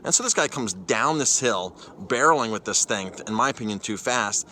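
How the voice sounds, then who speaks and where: A man telling a personal story in a casual vlog, animated, often stumbling over and repeating his words. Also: on the low side, moderate pace, a little hiss or hum. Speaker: chef and cyclist vlogger.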